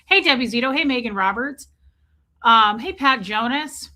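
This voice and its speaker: A woman's voice: on the high side, expressive, normal speed, sharp tone. A woman hosting a casual livestream, chatting and rambling while greeting viewers by name. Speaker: livestream host.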